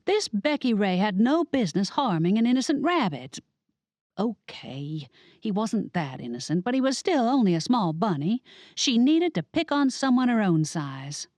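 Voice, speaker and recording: Woman narrator for a comic mystery audiobook; wry, very expressive rise and fall. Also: mid-range voice, dry recording. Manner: animated, wry, dramatic. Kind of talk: first-person audiobook narration.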